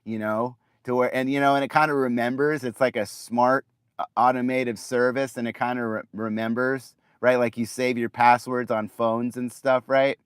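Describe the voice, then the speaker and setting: Middle-aged male vlogger, smooth tone, dry close mic, loose rambling rant full of restarts. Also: mid-range voice, flat delivery, normal speed, no echo. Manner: rambling, repeats words, says "right?" often. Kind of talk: casual ranting monologue.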